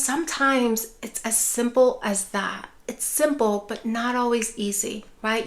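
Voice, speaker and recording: A woman teaching caregivers in a calm, measured voice. She speaks steadily and reassuringly, with the clear pacing of a prepared lesson to camera. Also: mid-range voice. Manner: calm, measured, reassuring delivery with acted example phrases. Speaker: neuropsychologist and dementia care educator. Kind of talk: scripted educational talk to camera.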